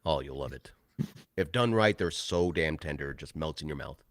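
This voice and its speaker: A man's voice: rumbling low, expressive, normal speed, dry recording, clean studio sound. A man co-hosting a casual livestream chat, enthusiastic and giggling often. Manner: giggly, swooping laughs, enthusiastic. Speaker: co-host.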